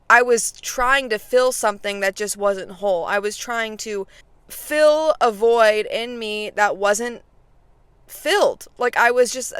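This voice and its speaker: In a dry recording, a woman in her twenties speaks with a medium pitch and a slightly bright, clean tone. She's a faith vlogger chatting casually and directly to viewers, filling her speech with fillers.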